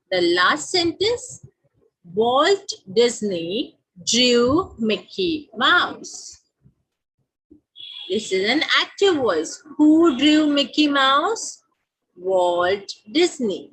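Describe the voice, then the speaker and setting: A woman's voice: high voice, a bit bright, slightly rough, poor audio. A woman with an Indian English accent teaching a grammar lesson, repeating each example sentence and asking questions that she answers herself.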